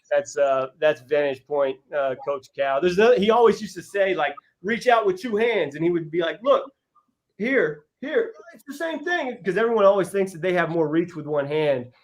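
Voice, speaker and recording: A man, a college basketball head coach, talking on a podcast as a guest, earnest and heartfelt, with frequent restarts as he tells stories. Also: on the high side. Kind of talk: casual podcast interview storytelling.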